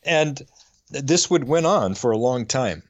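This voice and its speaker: A middle-aged man on a faith podcast, telling a personal story in an earnest, halting way and getting choked up. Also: medium pitch, expressive, dry recording. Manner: earnest, halting, with frequent restarts. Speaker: podcast co-host.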